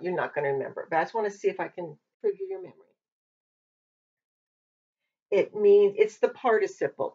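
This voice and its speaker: A woman with a breathy voice leads an informal Hebrew lesson, thinking aloud and correcting herself as she goes. She sits back from the microphone, and the recording sounds dull and lo-fi. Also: mid-range voice, a little mellow. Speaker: Hebrew teacher. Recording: dull lo-fi mic from a distance.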